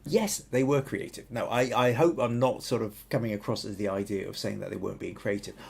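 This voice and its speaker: A man's voice: on the low side, a little fast, vocal fry, breathy edge. A man with a Southern English accent hosting a live photography podcast, explaining ideas thoughtfully and often restarting his sentences. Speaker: podcast host.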